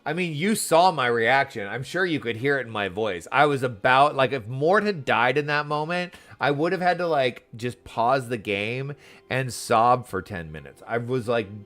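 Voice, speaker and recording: A man's voice: medium pitch, animated, normal speed, a bit bright. A man giving casual, openly emotional commentary while he plays a story game, chatty and full of filler words. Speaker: gaming streamer. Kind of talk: casual let's-play commentary. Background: faint game music.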